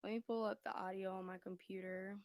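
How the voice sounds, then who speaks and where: Her voice is mid-range and level in tone, and she talks fast, recorded dry through a phone. It's a casual home livestream tarot reading in which she's slightly winded, rambling and chatty, laughing frequently and constantly checking that she's being heard.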